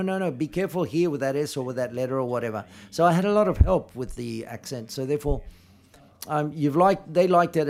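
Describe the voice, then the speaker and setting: At a film press conference, a man with a middling pitch and darkish tone answers questions haltingly, frequently stopping mid-phrase to restart or correct himself.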